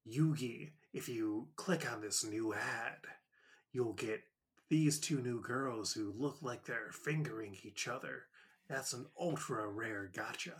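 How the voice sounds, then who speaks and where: A man's voice: mid-range voice, slow pace, lightly acted. A man voicing a pushy mobile-game ad figure who pleads with a hero in a hammy, wheedling parody. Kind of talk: comedic podcast bit.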